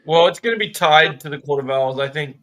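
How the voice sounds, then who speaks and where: A man's voice: fairly high pitch, a little fast, crowd noise. A man hosting a casual podcast chat, leading the talk and teasing his co-hosts.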